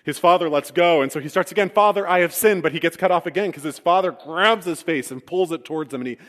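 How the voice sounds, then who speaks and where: A man's voice: fairly high pitch, fast talker, fairly bright tone. A man preaching a sermon, retelling a story with humorous asides. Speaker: pastor. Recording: long reverb of a large hall.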